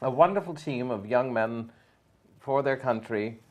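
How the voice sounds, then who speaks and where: A woman's voice: a bass voice, measured pace, narrow, tinny audio. A woman co-hosting a casual chat show, dry and wry in her humor. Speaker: co-host. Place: local TV studio.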